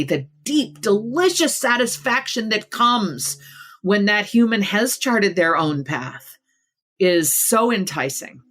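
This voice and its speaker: A middle-aged woman speaking as a guest author in a podcast interview, in an earnest, emphatic way that builds points in lists. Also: on the low side.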